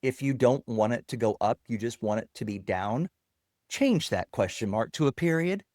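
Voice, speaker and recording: A man guest, a software founder, explaining his product while demonstrating it on screen in a casual interview. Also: mid-range voice, animated, normal speed, dry recording, studio quality.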